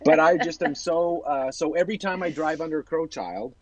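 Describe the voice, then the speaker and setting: A man's voice: on the high side, moderate pace, a crowd in the background, poor audio. A man hosting a casual video-call chat, telling a long, rambling personal story with self-corrections. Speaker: host.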